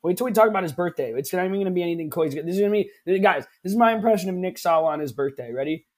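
A man's voice: high voice, animated, very fast. A man co-hosting a casual live-streamed podcast, teasing and joking in loose slang. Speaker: podcast co-host. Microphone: streaming from home on camera.

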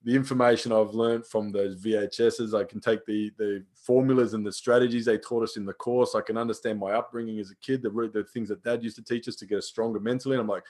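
A man's voice: fairly low pitch, steady tone, quick pace, hardly any pauses, a little mellow. A young man, a personal trainer, telling stories in casual chat, swearing freely and acting out the lines of people he quotes.

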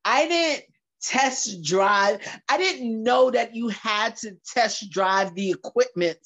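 A woman, co-hosting a podcast and telling a story in a lively, animated way with quick repetitions. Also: on the high side. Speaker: podcast co-host. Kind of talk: casual chat. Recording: dull lo-fi recording.

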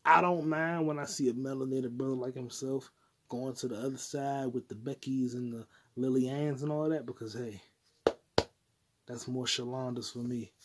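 A man's voice: mid-range voice, fairly even intonation, normal speed, a little hiss or hum. A man hosting a solo podcast, rambling crudely and profanely from topic to topic. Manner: crude, profane, jumps between topics, puts on mock voices. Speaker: podcast host.

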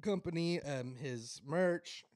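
A young man co-hosting a podcast, telling stories in casual chat and acting out loud impressions of the people he quotes. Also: fairly high pitch, slow pace, no echo. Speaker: podcast co-host.

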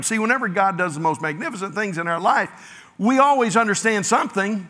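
A man preaching a sermon and reading scripture aloud, animated, acting out the disciples' lines with his voice rising. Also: sits high, a little fast. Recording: long reverb of a hall.

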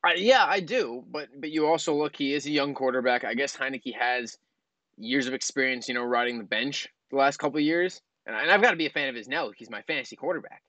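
A man with a mid-range voice steers the segments of a sports talk show. He keeps a relaxed, wry tone. He sounds close and dry, with no echo. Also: mid-range voice, fast. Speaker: co-host.

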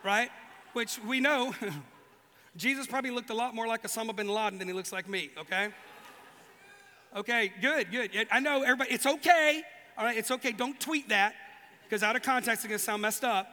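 A man preaching with a high, bright voice, animated and playful as he acts out little voices. His sound carries a long reverb from a big hall. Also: brisk. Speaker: pastor. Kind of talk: sermon.

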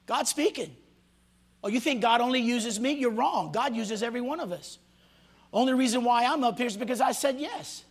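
A male pastor preaching a sermon to a congregation, swinging from loud shouts to hushed near-whispers and acting out the voices of people he quotes. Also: very high-pitched, normal speed, breathy edge. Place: church hall before a congregation.

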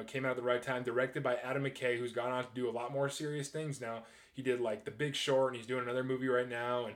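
A man in his twenties talking casually and excitably, rambling through his thoughts with frequent restarts and casual swearing. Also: mid-range voice. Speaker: movie reviewer. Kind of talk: casual ranking chat.

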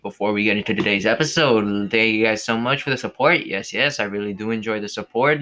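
A man's voice: fairly low pitch, a little fast, few pauses, bright, forceful tone. A man hosting his own movie review show, chatting casually, rambling, losing his train of thought and cursing often.

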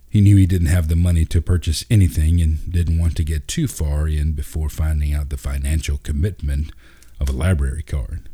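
Brief: calm male narrator for a storybook, deep and mellow. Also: normal speed, slightly rough. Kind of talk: storybook reading.

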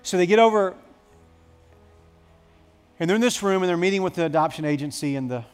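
Male pastor preaching, hushed then loud. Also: high-pitched, expressive, brisk, smooth, faint music behind. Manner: storytelling with dramatic swings from hushed to loud. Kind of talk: sermon.

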